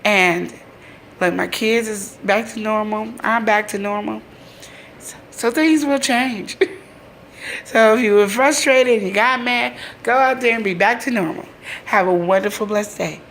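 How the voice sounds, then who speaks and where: A woman, a mother, hosting her own live video show and giving an informal sermon. She talks in a homey, conversational way, swinging between loud, high emphasis and soft, drawn-out low lines. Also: a little hiss or hum.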